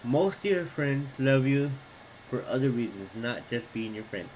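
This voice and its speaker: A man's voice: medium pitch, expressive, unhurried, a little mellow, rough recording. A man with a mid-range voice speaks firmly and matter-of-factly on a live stream. A faint hum sits behind him.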